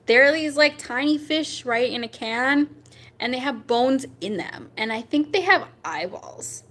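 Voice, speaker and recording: A young woman hosting a casual chat, talking with her viewers, rambling with fillers and jumping up in pitch when she reacts. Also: expressive, a little slow, fairly bright tone. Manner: chatty and rambling, with many fillers and laughs. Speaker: livestream host chatting with viewers.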